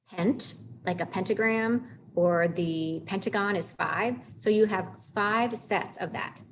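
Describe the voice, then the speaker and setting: A woman teaching a casual literature lesson, chatty and animated, stopping to read lines of verse aloud with heavy stresses. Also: medium pitch, measured pace, a little hiss or hum. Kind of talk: casual classroom lecture on literature.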